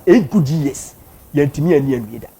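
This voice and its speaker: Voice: medium pitch, brisk, a little hiss or hum. A speaker with a Ghanaian accent, commenting animatedly in casual talk and mixing two languages. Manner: animated, switches between Twi and English.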